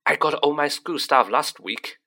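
A man's voice: a little high, moderate pace, gravelly, bright, forceful tone, voice pushed up, exaggerated voice. A man voicing a modest, earnest teenage boy wizard who talks plainly and a little sheepishly.

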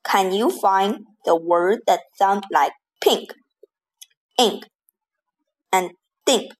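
A woman reads a children's rhyming lesson at an extremely slow pace, pausing after every single word. Her delivery is careful and deliberate, with a middle-pitched voice. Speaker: teacher reading rhymes.

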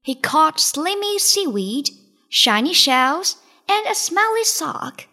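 A woman reading a children's storybook aloud, in a slow, lively, expressive way. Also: high voice. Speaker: storybook reader.

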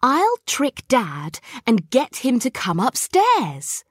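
A woman reading aloud and voicing a mischievous young boy who grumbles and yells for help. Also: fairly high pitch, wildly swooping pitch, takes it slowly, slightly rough, no echo, clean studio sound, voice pushed up, exaggerated voice. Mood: grumbling. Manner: whiny, grumbling, shouts for help.

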